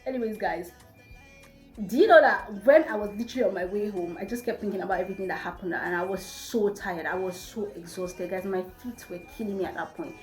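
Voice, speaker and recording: Lively storytime woman in a roomy space. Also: medium pitch, fairly quick. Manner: animated, chatty, addresses viewers as guys. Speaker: vlogger. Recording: roomy with faint music.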